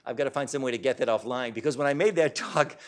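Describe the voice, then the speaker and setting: A man's voice: mid-range voice, fast. A man giving a public talk to a live audience in a hall, speaking in an emphatic, insistent way.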